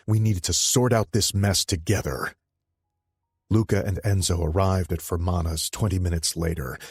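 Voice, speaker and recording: A man narrating an audiobook in the first person, measured and steady, on a close studio mic. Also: low voice, slightly rough, no room sound.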